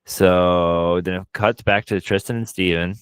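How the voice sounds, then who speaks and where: A low-voiced man retelling a movie plot in a casual podcast chat. His voice is smooth and resonant, and the sound is dry and close. He talks in quick animated bursts and swears often. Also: no room sound. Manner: frequent profanity. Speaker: podcast co-host.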